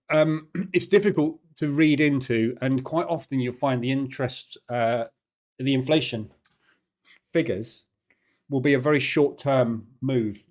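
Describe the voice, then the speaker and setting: A trading room host greets viewers in a live trading session and explains market news. His voice is medium-pitched and a little mellow, and his delivery is casual and halting, full of fillers.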